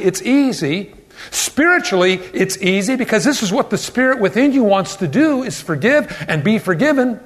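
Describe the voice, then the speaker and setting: A man preaching a sermon as pastor, asking questions and answering them himself. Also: sits high. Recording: long hall reverb.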